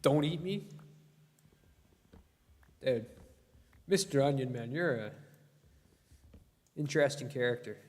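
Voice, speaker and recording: A man's voice: medium pitch, takes it slowly, pauses often, a little mellow. A young man streaming a game, giving casual gameplay commentary, yelping in alarm and bantering with his chat. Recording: long reverb.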